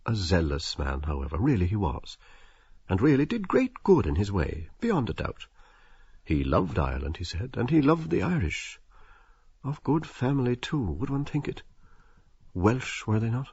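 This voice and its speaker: A man narrating a novel as an audiobook, expressive and slipping into the characters' inner voices. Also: on the low side, moderate pace, slightly rough, no echo, lo-fi sound.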